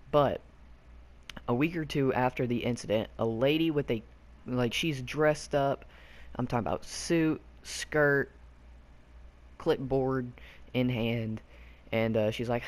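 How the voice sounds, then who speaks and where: A young man from Arkansas telling a childhood story casually, rambling with lots of fillers and loose slang. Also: medium pitch. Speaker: YouTube storyteller.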